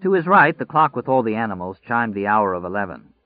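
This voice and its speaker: A man with a lowish voice reads an audiobook in a measured, deliberate way. The sound is dry and close, with no room around it. It comes through a narrow, phone-like band. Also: sing-song, no echo. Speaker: audiobook narrator. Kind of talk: scripted audiobook narration.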